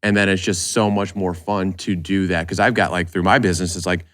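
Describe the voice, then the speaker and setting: A man with a very low voice co-hosting a casual interview, calm and thoughtful as he talks about business. His delivery is easygoing. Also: fairly quick. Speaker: podcast co-host, business owner.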